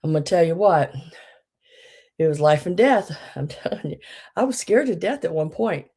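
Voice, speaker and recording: A woman's voice: lowish voice, expressive, normal speed, husky. A woman hosting a live vintage sale stream, chatting in a folksy way and greeting viewers by name. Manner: drops into soft muttering asides. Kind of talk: casual live-stream chat.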